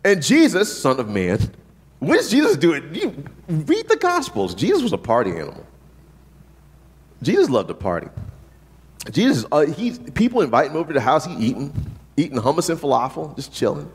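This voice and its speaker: A man preaches a sermon in a big, echoing hall, his voice a little high and swinging widely in pitch. He jokes, checks in with a rhetorical "right?", and briefly acts out the voices of the people he quotes. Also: moderate pace, pauses often. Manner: animated, jokey preaching with frequent rhetorical "right?". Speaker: pastor. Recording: long reverb from a large hall.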